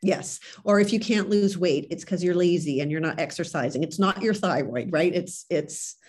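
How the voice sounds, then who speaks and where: A woman's voice: lowish voice, normal speed, darkish tone, slightly rough. A woman doctor interviewed as a guest on a podcast, speaking earnestly and conversationally. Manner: earnest, conversational, fond of "like" and "right".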